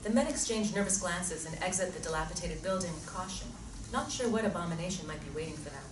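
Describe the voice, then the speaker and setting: Woman narrating in a low voice. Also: fast. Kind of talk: scripted narration of a screenplay. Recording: echoey room from far off, noisy.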